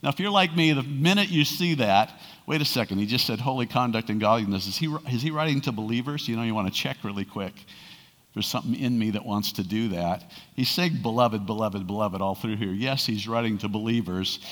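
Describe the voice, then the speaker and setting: A man's voice: on the low side, brisk, a bit bright. A male pastor preaching a sermon in a conversational way, asking his listeners rhetorical questions and paraphrasing scripture. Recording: long reverb of a large hall.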